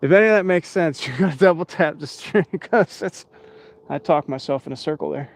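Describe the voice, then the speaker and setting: A man's voice: on the high side, brisk. Tired, rambling man chatting on a live stream. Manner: rambling, chatty, reads out viewer names. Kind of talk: casual live stream chat. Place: outdoors at night.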